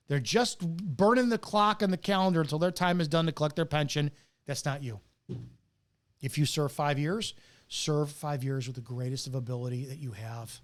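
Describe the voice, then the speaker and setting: A middle-aged man, a retired police officer, delivering a bitter, profane, preachy rant with hard stressed words. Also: on the high side. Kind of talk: ranting monologue to camera.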